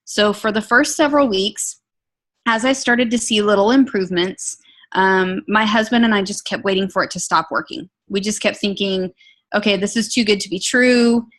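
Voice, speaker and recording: A woman's voice: mid-range voice, normal speed. Earnest woman telling her testimony. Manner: emotional, earnest, animated storytelling. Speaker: product testimonial speaker. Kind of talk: personal testimony.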